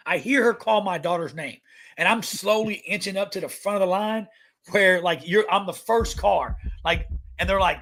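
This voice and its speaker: A man co-hosting a podcast, telling animated stories with lots of swearing. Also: sits high. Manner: fast, animated storytelling, heavy swearing. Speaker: podcast co-host. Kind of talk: casual profane podcast banter.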